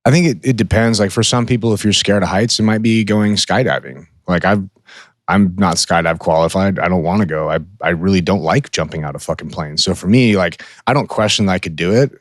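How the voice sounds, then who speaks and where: A man's voice: sits low, brisk, dry recording, clean studio sound. A man co-hosting a podcast in casual chat, blunt and profane, acting out the voices in his head. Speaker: podcast co-host.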